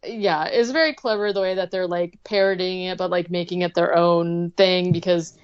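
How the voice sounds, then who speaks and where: A woman's voice: on the low side, steady tone, moderate pace, clean tone, lo-fi sound. A woman co-hosting a podcast, casually recapping an episode and padding her sentences with "like" and "um". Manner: chatty, leans heavily on "like" and "um". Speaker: podcast co-host.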